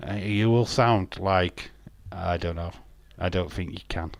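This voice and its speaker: A man hosts a live watch-along stream, joking and teasing his viewers as he reads their messages aloud. His voice sits on the low side. The sound is dry and close, with no room echo. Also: measured pace, creaky. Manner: jokey, teasing, laughs often. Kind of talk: casual live-stream chat, reading chat aloud.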